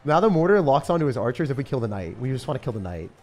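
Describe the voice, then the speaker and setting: A young man commentating his own live game stream in a jokey, excitable way, bursting into shouts and laughter. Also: medium pitch, racing. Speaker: gaming streamer.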